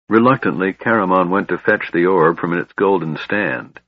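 A man reads fantasy narration in a steady, measured way. His voice sits low and slightly husky. The recording is dry and dull, with a muffled lo-fi quality. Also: no room sound. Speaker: audiobook narrator. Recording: dull, lo-fi sound.

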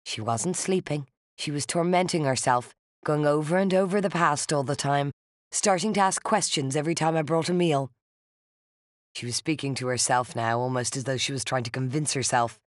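An audiobook narrator reads first-person fiction in a measured, steady way. The voice sits mid-pitch, and the recording is dry and close with no room echo.

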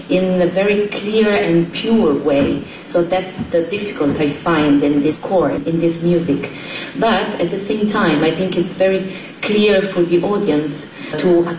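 Woman singer talking in an interview, hesitant, slightly low voice, echoey room from afar. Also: a little mellow, far from the mic, a little hiss or hum. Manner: hesitant, searching for words. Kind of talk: interview answer.

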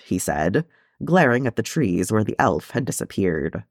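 A man reading a story aloud in a calm, even narration. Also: fairly low pitch, a little slow, dry recording, studio quality. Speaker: audiobook reader.

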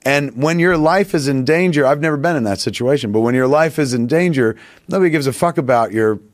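A man's voice: mid-range voice, fairly quick, no room sound, studio quality. A man telling a long, profane anecdote in casual podcast talk, acting out the quotes as he goes. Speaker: podcast guest. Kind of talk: casual storytelling.

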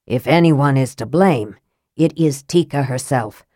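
A woman voicing a calculating young male wizard in an audiobook reading, speaking flatly and precisely. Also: extremely low pitch, no echo, studio quality, voice pushed down. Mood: cool. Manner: flat, measured, precise.

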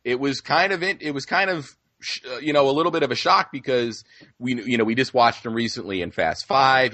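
A man co-hosting a podcast in casual film discussion, talking in halting starts and restarts. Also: medium pitch, a bit bright, dry recording. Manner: halting, many restarts and fillers. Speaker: podcast co-host.

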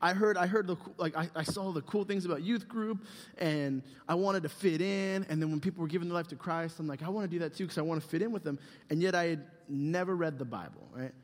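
Man, youth pastor, joking sermon, slightly high voice, long echoing hall. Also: fast. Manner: casual, joking, rambling with many fillers.

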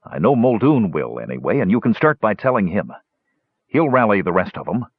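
A gruff, stubborn old dwarf, as a male reader puts him on, talks bluntly with a husky, lively delivery. The recording is dull and dry. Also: fairly low pitch, brisk, no room sound. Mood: urging.

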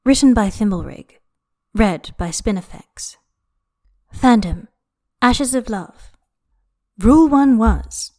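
Brief: female audiobook reader, lively melodic delivery, drawn-out dramatic pauses. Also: a little high. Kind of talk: scripted narration of fan fiction.

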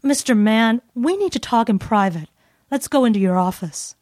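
A woman's voice: a little high, expressive, moderate pace, darkish tone, no echo, clean studio sound, lightly acted. A woman reading a scripted dialogue as an adult office employee who is firm and fed up with her boss.

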